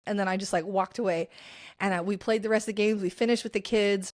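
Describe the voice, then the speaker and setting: A young woman at a mid pitch tells a personal story on her podcast. She talks in a chatty, lively way, full of fillers, and acts out the people she quotes in their own voices. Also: quick pace. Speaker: podcast host.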